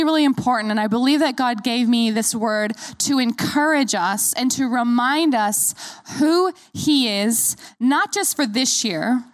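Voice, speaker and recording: A woman's voice: fairly high pitch, no echo. A woman in her thirties, a pastor, preaching a sermon in an earnest, encouraging way and inviting the congregation to repeat after her.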